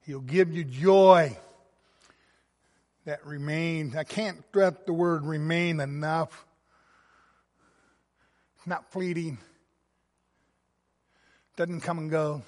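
A man preaching a sermon, reading scripture and stressing words with rising passion, swinging between soft and loud. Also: a little high, fairly even intonation, slow pace, long pauses. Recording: long reverb of a hall.

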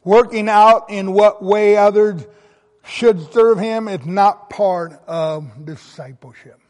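A man's voice: high-pitched, slow, a little mellow, big-room sound. A man preaching a sermon, reading scripture aloud and stressing key words with emphasis. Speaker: pastor.

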